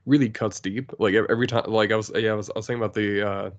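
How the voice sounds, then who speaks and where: A man's voice: on the low side, steady tone, very fast, dull audio. A man chatting as a podcast co-host, hesitant and searching for words with many fillers. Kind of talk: casual comic book discussion.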